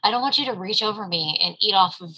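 A woman's voice: mid-range voice, fast, bright, forceful tone, husky, low-quality recording. A woman co-hosting a casual true crime podcast, blunt and swearing freely. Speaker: podcast co-host, storyteller. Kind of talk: casual chat.

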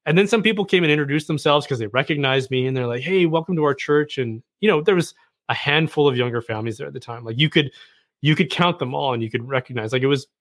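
A man telling a personal story in casual conversation as a podcast guest, animated and self-deprecating. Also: medium pitch, fast, dry recording, clean studio sound.

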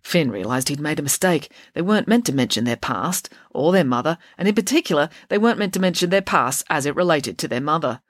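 A woman narrating a children's audiobook in a lively, expressive way. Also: low-pitched, fast, hardly any pauses, no echo, clean studio sound.

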